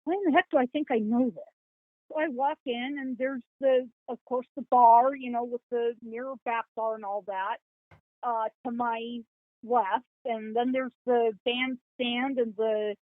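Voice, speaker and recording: A high-pitched woman telling a story in a lively, folksy way and voicing the people in it. She comes through a thin, phone-like line with a dry sound. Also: unhurried, dry recording. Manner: animated, folksy storytelling with quoted dialogue and laughs. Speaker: psychic guest. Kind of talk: storytelling in a podcast interview.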